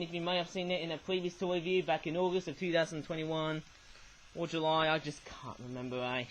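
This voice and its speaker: A man's voice: high voice, a bit bright, poor audio. A man giving a rambling, casual toy review, often tagging his sentences with "eh?".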